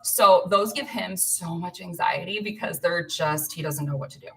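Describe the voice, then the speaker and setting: A woman's voice: fairly low pitch, moderate pace, slight background noise. A woman in her thirties, from Illinois, filling in as host of a casual live stream, chatting and rambling to viewers with frequent laughs. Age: 30s. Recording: voice a bit far from the mic.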